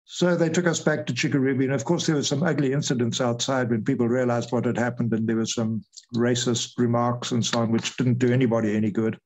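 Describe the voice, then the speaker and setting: An older man tells his story in an interview, with a voice of ordinary middle pitch. He retells events with energy and slips into the voices of the people he quotes. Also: little pitch movement, fast, few pauses, darkish tone, low-quality recording. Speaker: retired air force officer, guest.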